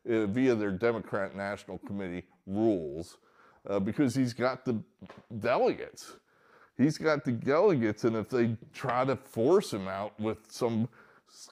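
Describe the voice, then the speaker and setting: A man's voice: mid-range voice, darkish tone. A man giving casual, rambling solo political commentary from a barn, hesitant with many fillers and mocking outbursts.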